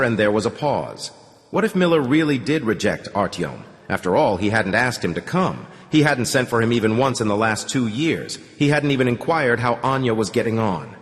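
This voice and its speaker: A man reads a novel aloud as an audiobook in a measured, steady way. His voice sits at an ordinary middle pitch. A long reverberant tail lingers after each phrase. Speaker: audiobook narrator. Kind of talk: scripted audiobook narration.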